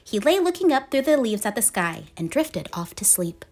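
A woman reading a children's picture book aloud in a gentle, expressive storytelling manner. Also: on the high side, normal speed, soft background music. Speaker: storybook reader.

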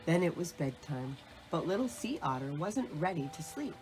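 A woman reading a children's bedtime story aloud in a calm, gentle storytelling manner. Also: low-pitched, moderate pace, poor audio. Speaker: storybook reader.

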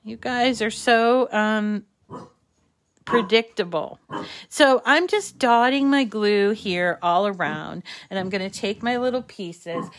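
A middle-aged woman with a slight lisp, hosting a casual craft tutorial in a chatty, self-deprecating way that thinks out loud. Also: medium pitch, slow pace. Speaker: crafting channel host.

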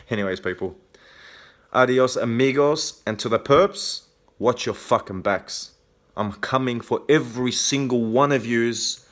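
With a medium-pitched, unhurried voice, an Australian man delivers an angry, confrontational video-blog rant to camera. Heavy swearing fills it, and he keeps ending points with a defiant "okay?".

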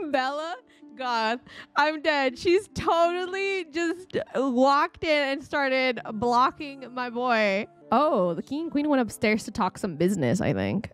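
A woman hosting a gaming video, chatting casually and reacting out loud to what happens on screen. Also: high voice, sing-song, unhurried, faint music behind. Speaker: gaming channel host. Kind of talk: casual let's-play commentary. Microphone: desk microphone.

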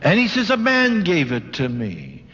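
An older man preaches to a congregation in a fairly high, lively voice that swoops up and down as he retells a story. He acts out the quoted voices with drama. The old recording sounds dull and lo-fi, with a long reverb from a large hall. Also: measured pace, a little hiss or hum. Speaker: preacher giving a talk.

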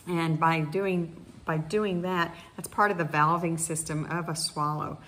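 A middle-aged woman speech therapist calmly leading guided voice exercises, pausing with frequent fillers. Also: low voice, a little hiss or hum. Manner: calm instructional, with many fillers. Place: indoors in Costa Rica, wind outside.

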